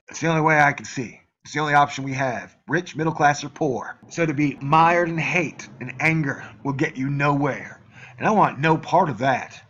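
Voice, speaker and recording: A man's voice: on the high side, fairly bright tone, muffled recording. A man ranting on his own channel, heated and profane, sometimes mocking the voices of his critics. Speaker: YouTube channel host. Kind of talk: angry solo rant to camera.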